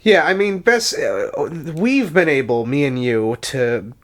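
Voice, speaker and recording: A man's voice: mid-range voice, sing-song, a little slow. A man co-hosting a casual podcast, talking reflectively and hesitantly with many restarts. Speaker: podcast co-host. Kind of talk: casual chat.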